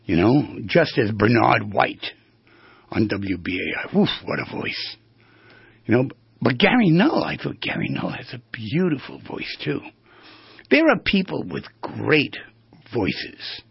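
Gravelly husky New radio host. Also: male voice, medium pitch, sing-song, a little slow, no echo, lo-fi sound. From New York. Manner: rambling, storytelling, drifts between tangents. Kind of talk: casual talk on voice skills.

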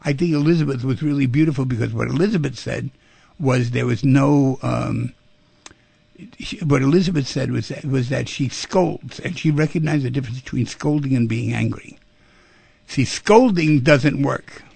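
Male call-in host, husky and gravelly, direct coaching delivery. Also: medium pitch, normal speed, darkish tone, no echo. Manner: direct, coaching, repeats for emphasis. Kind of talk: call-in advice radio talk.

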